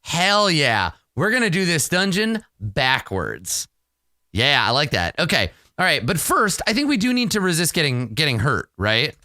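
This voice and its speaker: Excitable, bright-voiced man playing solo. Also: on the high side, moderate pace, dry recording, studio quality. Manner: rambling, swears freely, excitable reactions to dice. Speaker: solo tabletop game player. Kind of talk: thinking aloud while playing a solo roleplaying game.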